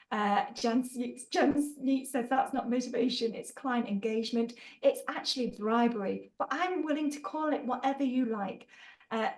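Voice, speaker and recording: Bubbly woman trainer, slightly high voice, chatty webinar host who teases her audience. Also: darkish tone, low-quality recording. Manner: bubbly and playful, laughs often, teasing asides. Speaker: trainer hosting an online workshop. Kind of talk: chatty live webinar, reading out chat replies.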